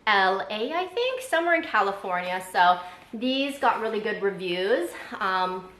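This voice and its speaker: A young woman from Canada chatting casually through a haul vlog, quick and full of ums and likes. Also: mid-range voice, expressive, fairly bright tone, echoey room, low-quality recording. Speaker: vlogger.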